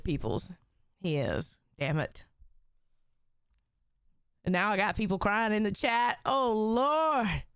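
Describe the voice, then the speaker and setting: A woman's voice: fairly high pitch, a bit bright, smooth, no echo, studio quality. A woman hosting a casual livestream, emotional and teary, joking and swearing as she chats with viewers. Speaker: livestream host.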